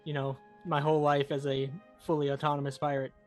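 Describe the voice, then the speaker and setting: A man's voice: on the high side, flat delivery, a little fast, soft background music. A man playing a tabletop game, thinking aloud and hesitant. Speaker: player. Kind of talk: casual tabletop game chat.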